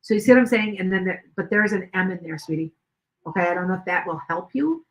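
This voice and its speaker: A woman's voice: lowish voice, fast, poor audio. An older woman hosting a tarot livestream, chatting casually in a rambling way with many restarts. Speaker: tarot reader livestream host.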